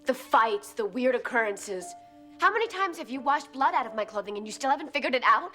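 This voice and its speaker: A woman's voice: fairly high pitch, animated, brisk, bright, forceful tone, soft background music. An actress playing a defiant teenage girl vampire slayer, tense and pleading.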